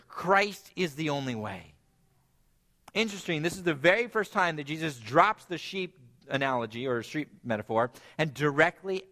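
A man preaching a sermon, earnest, climbing to emphatic peaks and then dropping low and quiet.

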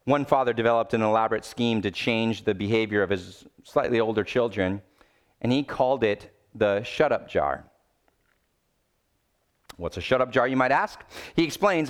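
A male pastor preaching a sermon, swinging between loud urgent pleading and low, quiet emphasis. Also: expressive, normal speed.

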